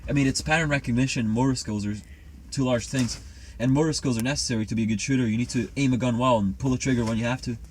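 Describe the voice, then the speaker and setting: A man's voice: medium pitch, fairly even intonation, fast, few pauses, slight background noise. A man chatting casually and rambling confidently through a conspiracy theory. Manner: rambling, self-assured. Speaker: co-host.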